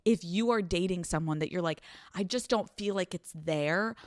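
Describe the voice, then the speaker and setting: Sleep-deprived and swearing freely, a young woman hosts an advice podcast with blunt, animated delivery, voicing the characters in the scenes she acts out. She has a lowish voice at a moderate pace, recorded dry in a clean studio.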